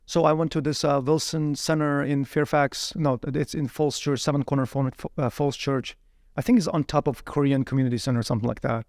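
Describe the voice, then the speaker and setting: A man telling his life story as an interview guest, animated, often repeating words while he searches for the next one. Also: medium pitch, fairly quick, few pauses, no echo, studio quality. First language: Uyghur.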